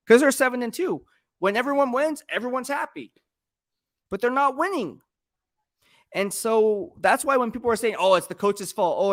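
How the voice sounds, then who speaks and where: A man hosts a casual live-stream sports talk show with a slightly high voice. He presses his points hard, stacking rhetorical questions and repeating himself for emphasis. The recording is dry and close, with no room echo. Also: fairly bright tone. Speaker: sports commentator host.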